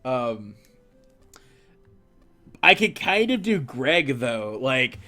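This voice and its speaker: A young artist talks loosely through a live drawing stream, tossing in "like" constantly as he answers viewers. His voice sits a touch high and swings widely in pitch. Soft music plays faintly underneath. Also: sing-song, slow pace. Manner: rambling and chatty, heavy on "like"; laid-back, answers viewer questions. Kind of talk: casual live-stream chat while drawing.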